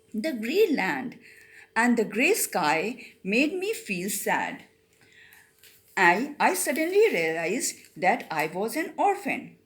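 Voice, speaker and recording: A middle-aged woman reads a story aloud and explains it to students, slipping into Hindi now and then. Her voice sits fairly high and rises and falls a lot as she talks. She goes slowly, repeating and rephrasing each line. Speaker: teacher.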